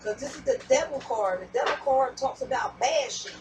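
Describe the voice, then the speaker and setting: A woman's voice: high-pitched, animated, moderate pace, distant mic, background noise. A woman giving a casual tarot reading, rambling and repeating herself, with some swearing. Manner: rambling, repetitive, profane. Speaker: tarot reader.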